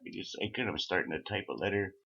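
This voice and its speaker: A man's voice: low voice, racing, creaky, sharp tone, slightly rough. A man telling a rambling, profane story, swearing often and laughing at himself. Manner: swearing, laughing at own stories. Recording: dull lo-fi audio.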